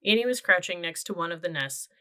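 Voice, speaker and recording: A woman reading a children's chapter book aloud. Her voice sits a little low, with a bright, forward tone, and she tells the story in a steady, clear way. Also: fast. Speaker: audiobook narrator. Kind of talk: children's audiobook narration.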